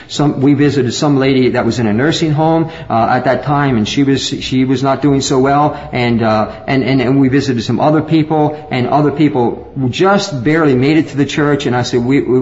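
A man preaching a sermon in an earnest way, often repeating and restarting words and rising in pitch to make a point. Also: a little mellow, highs cut off. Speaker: pastor.

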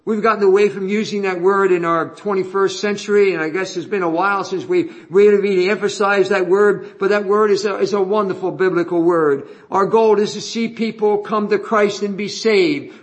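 A male preacher with a high voice delivers an expository sermon. He talks earnestly, repeats his key phrases for emphasis and slows down when he reads scripture aloud. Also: steady tone.

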